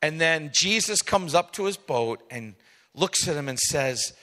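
A pastor preaching in a church sanctuary, his bright, forceful voice carried on the long reverb of a big hall. He swings between hushed, intimate asides and loud, emphatic peaks. His voice sits somewhat high for a man. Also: lively intonation, measured pace. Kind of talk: sermon.

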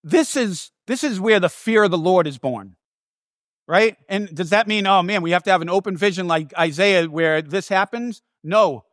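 High-pitched, emphatic male preacher. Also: moderate pace, no echo, clean studio sound. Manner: animated, emphatic, repeats words for stress; casual asides and restarts. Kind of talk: sermon.

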